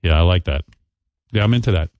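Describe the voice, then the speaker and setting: A man's voice: sits low, fast talker, darkish tone, highs cut off, slight background noise. A man hosting a talk show, chatting casually and mockingly, rambling and laughing often. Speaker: radio host. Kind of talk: casual banter.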